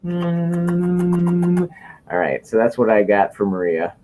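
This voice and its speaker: A man's voice: deep voice, brisk, a little mellow, soft background music. A man co-hosting a casual livestream, rambling and joking as he reads viewer questions. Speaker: livestream co-host.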